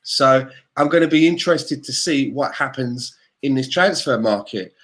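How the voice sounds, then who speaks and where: A man's voice: mid-range voice, normal speed, fairly bright tone. A man co-hosting a casual football podcast, ranting heatedly and swearing constantly. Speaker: podcast co-host.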